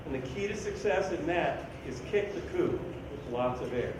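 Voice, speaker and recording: A man's voice: a little high, lively intonation, normal speed, few pauses. A man leading a school band rehearsal, singing rhythms on syllables and counting the players in. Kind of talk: rehearsal instruction. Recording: echoey room, mic far off, background noise.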